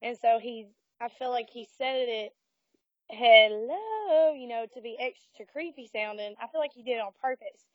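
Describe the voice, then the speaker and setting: A woman with a drawl recounts a spooky night at a cemetery in a casual, animated way, laughing and putting on voices for what others said. Her voice sits a touch high, recorded dry and close, with a dull, muffled sound. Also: fairly quick, hardly any pauses, dry recording. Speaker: guest telling a ghost story. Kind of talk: casual storytelling.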